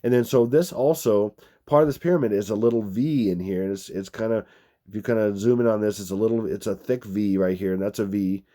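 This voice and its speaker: A man's voice: fairly low pitch, brisk, warm tone. A middle-aged man hosting his own video, talking through a screen he shows, rambling and repeating himself with emphatic restarts. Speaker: video channel host. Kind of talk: casual screen-share commentary.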